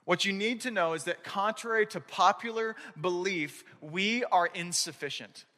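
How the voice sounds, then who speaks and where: A man preaching a sermon as pastor, talking in an animated, conversational way with frequent restarts. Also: high-pitched, moderate pace, in a large hall.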